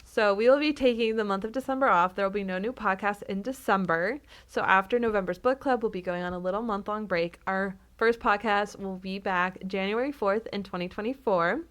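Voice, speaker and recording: A woman's voice: medium pitch, brisk, hardly any pauses, fairly bright tone. A young adult woman co-hosting a podcast in casual chat, blunt and teasing, swearing casually. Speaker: podcast co-host.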